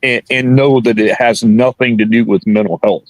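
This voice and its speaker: Earnest male guest, halting speech. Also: medium pitch, steady tone, dry recording, rough recording. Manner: earnest, repeats words while searching. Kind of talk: casual interview talk.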